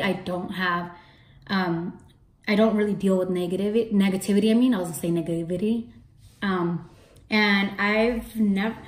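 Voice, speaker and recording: A young woman in her early twenties chats to her camera in a loose, storytelling vlog. She swears freely and talks at a middle pitch. The sound bounces around a roomy space. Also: a little mellow. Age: early 20s. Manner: chatty, swears freely, acts out her own past lines with rising pitch. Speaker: beauty vlogger. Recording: roomy echo.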